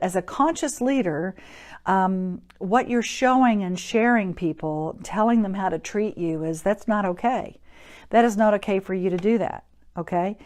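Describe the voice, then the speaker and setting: A woman's voice: medium pitch, darkish tone. A woman hosting a live-streamed talk, teaching in an encouraging, chatty way and greeting viewers by name. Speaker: host.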